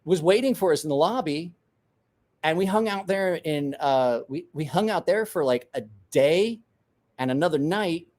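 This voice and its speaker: A man in his forties hosts a podcast and tells a wild story in loose, casual chat. His voice sits a little high for a man and swings widely in pitch as he acts out the people he quotes. He laughs often and swears freely. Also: lively intonation, moderate pace, a little mellow. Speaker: podcast host.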